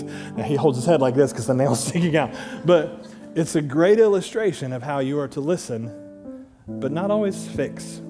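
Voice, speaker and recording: Animated preacher man in a reverberant hall. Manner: animated, acts out quoted voices with big pitch jumps. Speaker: pastor. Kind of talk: sermon. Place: large church hall.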